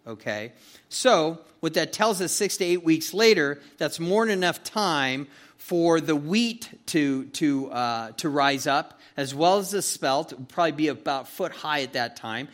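A pastor giving a conversational verse-by-verse sermon in a folksy, chatty way, often checking in with "okay?" and "you know". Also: male voice, a little high, lively intonation, unhurried, a bit bright. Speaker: pastor teaching a Bible study.

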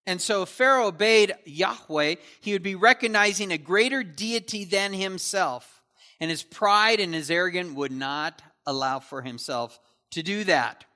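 A man's voice: a little high, sharp tone. A man teaching through a Bible passage verse by verse, with casual asides that check in with his listeners.

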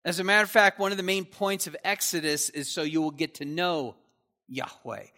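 A man's voice: a little high, moderate pace, pushed and bright. A man teaching through a Bible passage verse by verse, with casual asides that check in with his listeners.

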